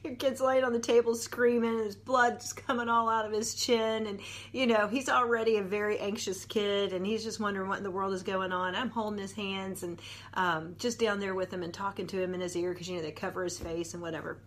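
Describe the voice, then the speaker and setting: A woman's voice: mid-range voice, steady tone, brisk, a bit bright, a little hiss or hum. A woman, a nurse and mother telling a personal story as an earnest, conversational devotional talk.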